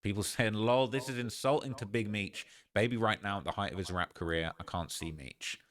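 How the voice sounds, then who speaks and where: A man's voice: fairly low pitch, brisk. A man hosting a casual reaction show, giving slangy, opinionated commentary and often tagging lines with "all right?". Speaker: host.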